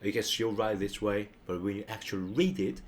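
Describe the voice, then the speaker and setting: Male tutor, lowish voice, casual and chatty, keeps asking "okay?". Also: fairly even intonation, a little fast, a little hiss or hum. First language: Mandarin. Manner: loose and chatty, ends points with a checking "okay?". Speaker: online Mandarin teacher. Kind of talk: casual screen-share lesson.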